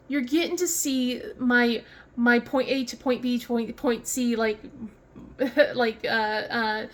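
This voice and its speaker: A woman with a Southern American accent, chatting casually on a craft vlog, rambling with many fillers, restarts and frequent laughter. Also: on the high side. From southern West Virginia. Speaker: craft vlogger. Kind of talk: casual chat.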